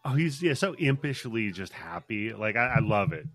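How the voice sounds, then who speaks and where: A man's voice: on the low side, very animated, normal speed, fairly bright tone, dry recording. A man joking his way through a crude podcast chat. He laughs often as he retells a movie plot, and his voice is close and dry, with no room sound around it. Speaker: podcast co-host. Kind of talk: crude comedic podcast banter.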